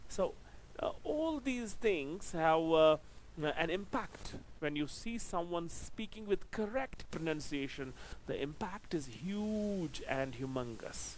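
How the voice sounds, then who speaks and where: A man teaching a grammar lesson, stressing each example sentence slowly and now and then slipping into Hindi. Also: fairly high pitch, animated, slight background noise, low-quality recording. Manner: slow, emphatic delivery with drawn-out example sentences; code-switches into Hindi to explain. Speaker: English teacher.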